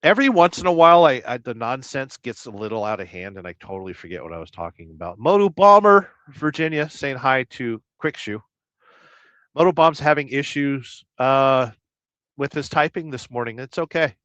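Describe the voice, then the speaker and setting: Rambling deadpan trucker man, dry lo-fi sound. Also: mid-range voice, moderate pace, no echo. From Southern California. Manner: rambling, deadpan, absurd jokes. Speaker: trucking livestream host. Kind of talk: casual livestream chat reading viewer comments. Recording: dry, slightly dull lo-fi sound.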